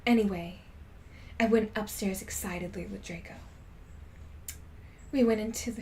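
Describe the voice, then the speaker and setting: A woman reading a story aloud in a casual stream, slow and often dropping into a soft whisper. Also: medium pitch, steady tone, a little hiss or hum.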